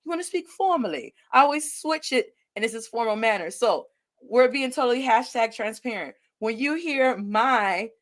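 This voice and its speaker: A woman from Detroit with a Detroit Midwestern accent, hosting a podcast interview over a live video call with energetic, expressive talk that mixes in Spanish words. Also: fairly high pitch, normal speed. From Detroit, Michigan. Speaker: podcast host. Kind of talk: conversational interview.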